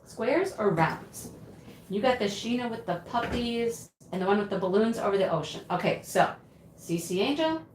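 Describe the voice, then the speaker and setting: A woman's voice: mid-range voice, animated, normal speed, a little mellow. A woman hosting a casual livestream, chatting and answering viewers' comments as she reads them. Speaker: livestream host. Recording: roomy home recording with faint ambient noise.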